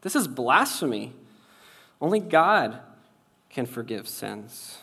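A man preaching a conversational sermon, wry and casual, shifting between loud and soft for emphasis. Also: medium pitch, very animated, takes it slowly, vocal fry, breathy edge. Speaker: pastor.

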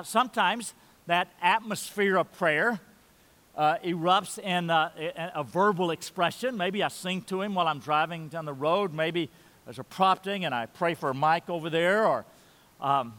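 A man with a high voice preaches a sermon in a church hall, and his words ring out in a long reverb. He drives key words hard, then drops to a low, quiet voice to make a point. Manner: emphatic preaching, swings loud and soft. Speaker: pastor.

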